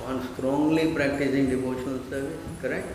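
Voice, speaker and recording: A spiritual teacher leads a devotional class in a steady, mid-range voice at a brisk clip, emphatic and full of rhetorical questions. He often checks that listeners understand, in an echoey hall with a noisy background.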